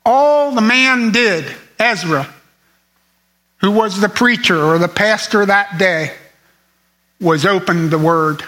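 Male preacher, slow deliberate sermon delivery, bright tone, emphatic repetition. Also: high voice, rough recording. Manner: earnest, emphatic, repeats phrases for stress.

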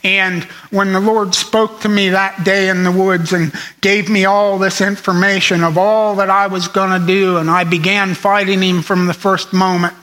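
A man's voice: high voice, little pitch movement, moderate pace, hardly any pauses, bright, forceful tone, rough recording. A man preaching a sermon to his congregation, earnest and emphatic, repeating phrases for stress.

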